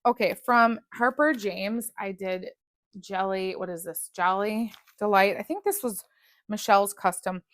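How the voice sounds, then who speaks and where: A woman's voice: mid-range voice, measured pace, fairly bright tone, no room sound. A woman talks casually about scented wax melts, gushing and restarting sentences as she goes. Her voice sits in the middle of the usual range, and the sound is dry and close. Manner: chatty, gushing, restarts often. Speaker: wax melt reviewer. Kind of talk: casual product review chat.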